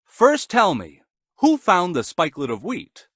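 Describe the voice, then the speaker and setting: A man voicing a patient, hardworking male cockerel in a storybook tale, calling out loudly and eagerly. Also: high-pitched, wildly swooping pitch, measured pace, slightly rough, dry recording, studio quality, voice pushed up, exaggerated voice.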